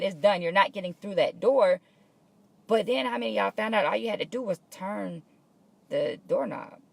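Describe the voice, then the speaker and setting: A woman's voice: mid-range voice, creaky, dry recording. A woman hosting a live morning motivational show from her workplace, talking casually and encouragingly to viewers and greeting them by name.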